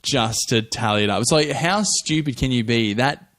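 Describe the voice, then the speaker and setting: A man's voice: mid-range voice, moderate pace, fairly bright tone. A man hosting a podcast in casual chat, telling stories and laughing easily. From Australia. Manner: chatty, laughs easily, storytelling. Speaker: podcast host.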